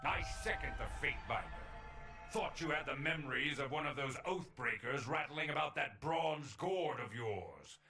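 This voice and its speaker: A man's voice: mid-range voice, lively intonation, normal speed, creaky, bright, forceful tone. Stern male general, grave and commanding, over game music. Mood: grim commanding. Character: grim male war general, stern and blunt.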